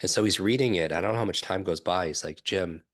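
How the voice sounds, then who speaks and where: A middle-aged man, a podcast guest, telling a personal story in an animated way, acting out what others said and often asking "right?". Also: low-pitched, fast, dry recording, studio quality. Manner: animated storyteller, acts out quoted voices, frequent "right?". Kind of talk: storytelling in a conversational interview.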